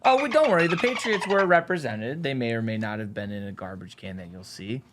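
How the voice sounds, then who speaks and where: A man's voice: medium pitch, lively intonation, fairly quick, background noise. A man hosting a talk show in a studio, chatting casually in an upbeat, hype-man manner. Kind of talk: casual chat.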